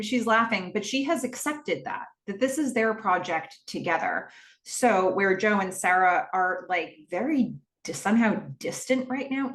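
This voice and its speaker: In an echoey room, a woman podcast host with a mid-range voice casually retells a TV episode scene by scene, quoting the characters as she goes.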